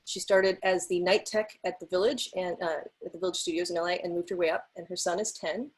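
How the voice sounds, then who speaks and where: A woman on a video call introducing the panelists of a webinar one by one. She speaks in a measured, list-like way, and her voice is mid-pitched. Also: fairly even intonation, slightly rough.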